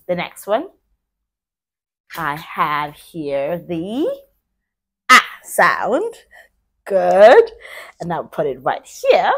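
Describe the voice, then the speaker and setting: A woman teaching a children's phonics lesson, sounding out letters slowly and praising young learners cheerfully. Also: lowish voice, sing-song. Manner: slow, drawn-out letter sounds.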